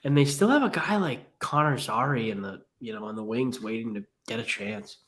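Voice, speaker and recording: A man's voice: medium pitch, slight background noise. Emphatic man jumping into hockey chat. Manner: animated, quick to jump in, emphatic. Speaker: podcast co-host.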